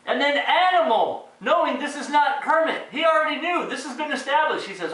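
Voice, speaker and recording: Brief: bright, high male ranter, sarcastic and foul-mouthed, recorded far off in a very echoey room. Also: lively intonation, normal speed. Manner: sarcastic, profane, exasperated. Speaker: retro movie reviewer. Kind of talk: casual ranting review. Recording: very echoey room, distant mic.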